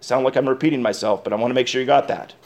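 A male pastor preaching a sermon, speaking emphatically, with sudden loud stresses and quiet asides, and putting questions straight to his congregation. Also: medium pitch, racing. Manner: asks the congregation direct questions.

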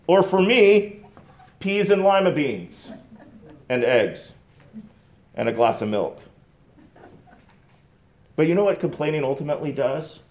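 A man's voice: a little high, animated, slow pace, pauses often, a little mellow, highs cut off. A middle-aged male pastor giving a conversational sermon with casual asides and light chuckles.

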